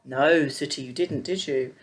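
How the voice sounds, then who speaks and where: A woman playing a kind, fair king in a children's Bible story, speaking gently and in a measured way. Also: extremely low pitch. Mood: firm.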